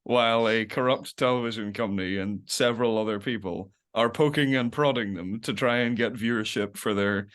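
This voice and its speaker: A man's voice: mid-range voice, brisk, few pauses, a bit bright. A young man as a podcast guest, rambling in casual chat, laughing often and acting out little quotes. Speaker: podcast guest, web series creator.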